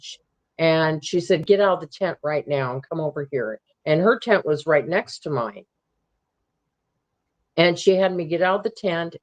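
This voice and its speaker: A woman guest recounting a personal camping encounter in a halting way, with many ums and restarts. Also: low voice, muffled recording.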